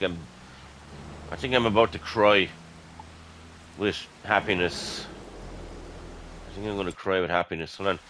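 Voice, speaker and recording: An Irish man commentates on his game in a loose, chatty way, often breaking into excited bursts. His voice is bright and forceful but pitched on the low side. A faint hiss sits under the recording. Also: moderate pace, pauses often, poor audio. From Ireland. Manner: excitable, chatty, addresses viewers as lads. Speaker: gaming YouTuber. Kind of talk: casual gameplay commentary.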